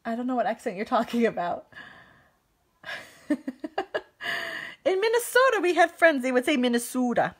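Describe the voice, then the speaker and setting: A woman's voice: high-pitched, sing-song, unhurried, long pauses. Chatty, giggly woman crafting live. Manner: chatty, giggly, reads and answers live comments. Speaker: card-making demonstrator.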